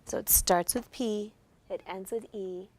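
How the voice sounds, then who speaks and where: A woman's voice: mid-range voice, fairly even intonation, a little slow, darkish tone, a little hiss or hum. A woman teacher giving classroom instruction, guiding students step by step with patient questions. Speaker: special education teacher.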